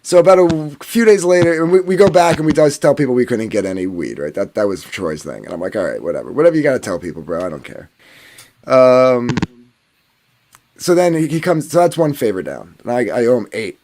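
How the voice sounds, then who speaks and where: A man's voice: mid-range voice, expressive, fairly quick, a little mellow, slight background noise. A man from New Jersey telling a long story in a rambling, casual way, full of fillers and swearing. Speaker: podcast panelist.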